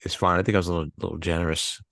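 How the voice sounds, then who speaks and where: A man's voice: deep voice, level tone, very fast, vocal fry, fairly bright tone, dry recording, studio quality. A man co-hosting a movie podcast, joking and rambling with frequent restarts. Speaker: podcast co-host. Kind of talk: casual movie chat.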